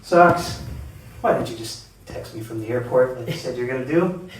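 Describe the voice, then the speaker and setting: A man's voice: medium pitch, lively intonation, moderate pace, slight background noise. A man telling a comic story at a live reading, ranting in exasperation at an absent person and laughing mid-sentence. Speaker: open-mic storyteller. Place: live reading event, roomy venue. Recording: very echoey room, voice from far off.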